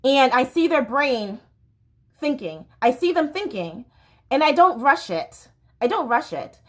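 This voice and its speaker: High-voiced woman in impassioned monologue. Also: very animated, a little slow. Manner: impassioned, rambling, self-interrupting. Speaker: podcast host. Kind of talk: casual monologue. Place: home near a train line.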